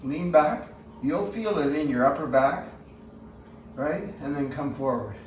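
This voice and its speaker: A fitness instructor speaks in a slightly high, expressive voice at a slightly slow pace. He leads an exercise demonstration in his bedroom and by a doorway at home, chatty and folksy, joking to himself. The audio is echoey, with a distant mic and faint hiss.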